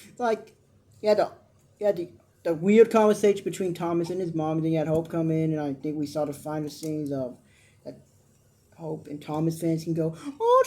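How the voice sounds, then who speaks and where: A woman's voice: lowish voice, dark tone. A woman in her twenties giving a blunt, opinionated, rambling review of a soap opera episode in casual chat. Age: 20s.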